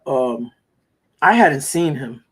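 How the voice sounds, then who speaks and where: A man's voice: medium pitch, lively intonation, takes it slowly, slightly rough. A man telling rambling stories in a casual chat, with coarse slang.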